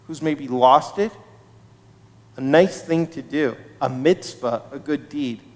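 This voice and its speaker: Service leader narrating a kids' story: lively, high, unhurried, in a reverberant hall. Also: male voice, vocal fry. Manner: expressive, slow storytelling to children. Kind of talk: children's story at a synagogue service. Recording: reverberant sanctuary livestream.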